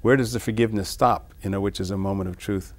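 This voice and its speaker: A man discussing his own song lyrics in an interview, reading lines and then explaining them in a musing, halting way. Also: lowish voice, fairly even intonation. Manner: halting, many restarts. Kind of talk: reflective interview talk.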